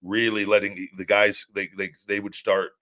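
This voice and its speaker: A very deep-voiced, middle-aged man, chatting casually as a podcast host. He rambles through his stories and often restarts his sentences midway. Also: level tone, moderate pace, sharp tone. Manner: rambling storytelling with many restarts. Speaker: show host, former wrestler.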